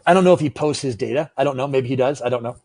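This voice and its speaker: A man's voice: medium pitch, very fast, darkish tone. A man chatting casually on a podcast about the gear he makes, rambling and self-deprecating, swearing freely. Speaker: podcast guest, gear maker. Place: room with adjustable lights.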